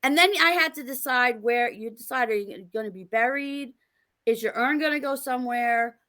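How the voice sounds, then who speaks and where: Middle-aged woman guest, animated storyteller, bright and fairly high voice. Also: moderate pace. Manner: animated, laughing storyteller acting out quotes. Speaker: podcast guest, author. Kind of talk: casual interview storytelling.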